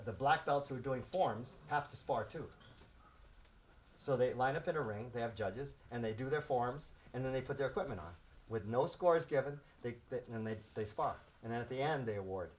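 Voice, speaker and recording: A man in his sixties who grew up in Los Angeles, a martial arts instructor telling stories to his students and acting out the shouts, laughing often. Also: mid-range voice, a little hiss or hum. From South Central Los Angeles. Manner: animated, acts out shouts and quotes, laughs often. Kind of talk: storytelling to students.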